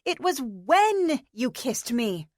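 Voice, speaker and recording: A woman voicing a fiery young woman who scolds the man she likes, raising her pitch for her in an audiobook reading. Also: sing-song, takes it slowly, no echo, studio quality, full character voice. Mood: exasperated. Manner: sharp, scolding. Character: fiery young woman, exasperated love interest.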